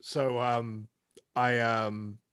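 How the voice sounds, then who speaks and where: A man in a casual podcast chat who cuts in with halting, hesitant remarks. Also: mid-range voice, flat delivery, fairly bright tone, clear, resonant tone, dry recording. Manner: halting, interjecting.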